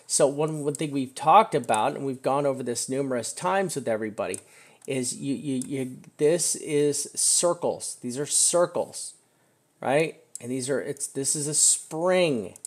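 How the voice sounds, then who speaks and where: A man giving casual, emphatic commentary on market charts, often checking in with "right?" and venting frustration now and then. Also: mid-range voice. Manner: chatty, emphatic, keeps asking "right?"; frustrated outbursts. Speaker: crypto chart analyst. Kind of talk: screen-share market commentary.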